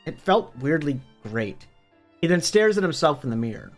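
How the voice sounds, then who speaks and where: A man's voice: fairly high pitch, very animated, normal speed, soft background music. A man narrating a book summary for his online channel, upbeat and conversational, with the odd casual swear. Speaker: book review YouTuber.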